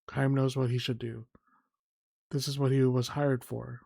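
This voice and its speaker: A man reading a game's story text aloud in a soft, unhurried way, sometimes stumbling and correcting himself. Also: medium pitch, flat delivery, gravelly, no echo. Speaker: gameplay narrator. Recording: faint music behind.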